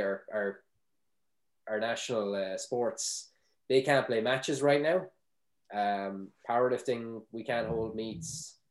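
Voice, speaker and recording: A man from Ireland, a guest on a casual podcast, talking in a halting, self-deprecating way with many restarts. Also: on the low side, echoey room.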